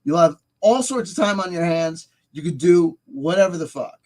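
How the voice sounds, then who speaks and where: A man hosting a vlog, ranting emphatically with profanity and swinging between loud outbursts and soft asides. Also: a little high, animated, normal speed. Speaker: host.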